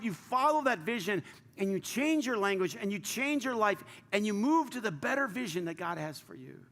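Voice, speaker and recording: A man preaching a sermon as pastor, passionate, swinging from loud urging to hushed near-whispers. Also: high-pitched, big pitch swings, normal speed. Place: large church hall. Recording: reverberant church hall with faint ambience.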